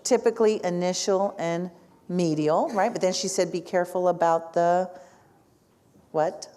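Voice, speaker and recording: Woman teacher, lower voice. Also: steady tone, measured pace, mellow. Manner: asks the audience frequent questions, tags with "right?". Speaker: speech language pathologist teaching a workshop. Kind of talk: live classroom lecture.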